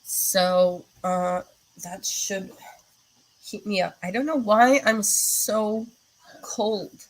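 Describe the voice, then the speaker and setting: A livestream host speaks extremely slowly in a medium-pitched voice, chatting casually with her viewers. She rambles along with many fillers and reacts to their comments as she goes, all captured in poor audio.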